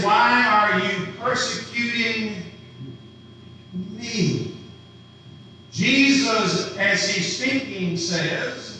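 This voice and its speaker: Slow, bright-voiced preacher in an echoey church. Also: male voice, high-pitched, slight background noise. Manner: teaching, asks the congregation questions. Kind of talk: sermon. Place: church sanctuary. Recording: roomy, distant church recording.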